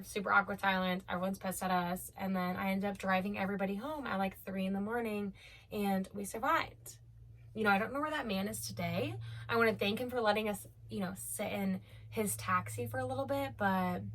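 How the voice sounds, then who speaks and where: A woman's voice: mid-range voice, fairly bright tone. A young woman from Omaha telling a storytime vlog in a chatty, profane way, with many fillers. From Omaha, United States. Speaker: vlogger.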